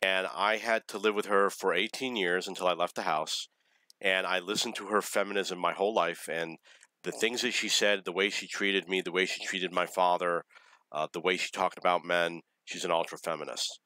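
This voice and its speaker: An adult man earnestly telling a personal story in a halting monologue, with many pauses and restarts. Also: low-pitched, fairly even intonation, sharp tone, no echo, low-quality recording. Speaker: vlogger.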